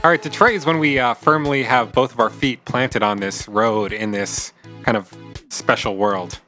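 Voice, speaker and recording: A man's voice: medium pitch, fairly even intonation, moderate pace, pushed and bright. A man co-hosting a casual music podcast, talking in a thoughtful, analytical way. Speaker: podcast co-host.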